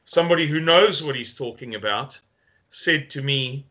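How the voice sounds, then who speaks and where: A man's voice: medium pitch, normal speed, sharp tone. A man with a South African accent giving an earnest, rallying video update to his supporters as a movement spokesman.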